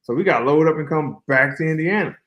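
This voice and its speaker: A man speaking as a guest fighter in a casual interview, relaxed and colloquial, telling long flowing stories over a remote call. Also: fairly high pitch, fast, highs cut off.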